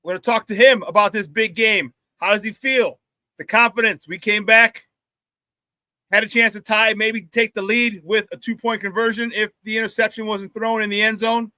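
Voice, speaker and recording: A man hosting a live morning sports talk show, loud and playful, hyping up his audience with shout-outs. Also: high-pitched, fairly even intonation, moderate pace, no echo.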